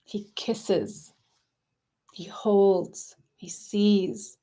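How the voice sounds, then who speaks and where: A woman coaching viewers on a casual live stream, talking in a soft, dreamy and effusive way. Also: medium pitch, fairly even intonation, drawn-out words. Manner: gushing, affectionate and effusive; soft, dreamy spiritual phrasing.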